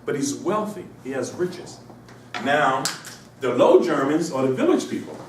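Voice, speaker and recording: A man's voice: medium pitch, animated, unhurried, distant mic, noisy background. Rambling man lecturing in an echoey classroom. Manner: rambling, asks rhetorical questions. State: has a cold. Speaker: instructor. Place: university classroom.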